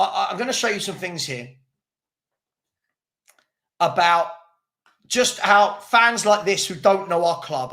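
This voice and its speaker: Host, male, high voice, live-stream chat reader, combative and mocking, loops back on his own lines. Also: pushed and bright. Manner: combative, mocking, repeats himself. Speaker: fan channel host. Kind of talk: live-stream commentary reading chat comments.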